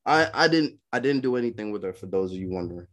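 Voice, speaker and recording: Fast-talking and low-voiced, a young podcast co-host from Brooklyn spins casual stories full of laughter, animatedly performing the voices of those he quotes.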